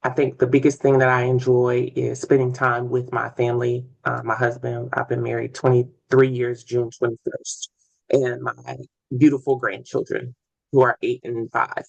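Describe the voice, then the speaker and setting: A woman in her forties, a pre-K teacher, introducing herself on a video call in a hesitant way, with many pauses. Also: very deep voice, level tone, creaky, dull audio.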